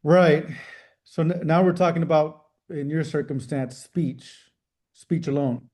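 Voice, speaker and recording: Mellow-voiced man, careful legal talk. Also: on the high side. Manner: measured, careful, frequent restarts. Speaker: civil rights trial attorney. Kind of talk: interview answers.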